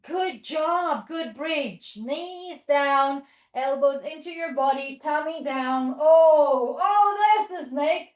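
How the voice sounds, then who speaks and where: High-voiced woman leading toddler yoga. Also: slow, hardly any pauses. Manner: playful sing-song cues with barking and animal noises; encouraging step-by-step instruction. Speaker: children's yoga teacher. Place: yoga studio or hall. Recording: echoey room.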